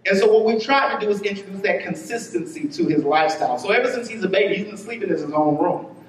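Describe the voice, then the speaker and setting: A man preaching a sermon as pastor, telling a story with quick bursts and drawn-out words. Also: high voice, lively intonation. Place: church sanctuary. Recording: roomy church hall, voice from a distance.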